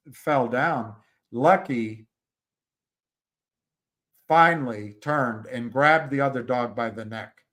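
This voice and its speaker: Slow, halting male streamer. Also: medium pitch, fairly bright tone. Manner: halting, rambling, many restarts. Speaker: livestream host. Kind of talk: casual livestream chat and storytelling.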